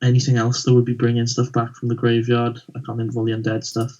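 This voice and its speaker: A man co-commentating a card game tournament, weighing up plays in a measured, analytical way. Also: medium pitch, monotone, dark tone. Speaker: esports co-commentator. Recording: dull lo-fi mic.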